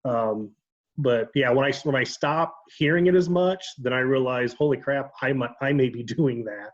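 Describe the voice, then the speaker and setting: A man with an Ohio accent tells stories at an easy pace and often stops to fill with an um or fix a word. His voice sits in a middle pitch. The sound is a bit dull and lo-fi, as on a video call. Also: moderate pace. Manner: relaxed storytelling with frequent ums and self-corrections. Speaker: guest. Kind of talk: casual video-call chat.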